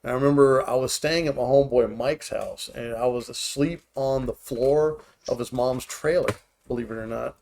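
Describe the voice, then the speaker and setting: A man's voice: medium pitch, moderate pace, gravelly, darkish tone, slight background noise. Profane rambling podcast host guy. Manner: profane, storytelling, loose and rambling. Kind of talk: casual chat.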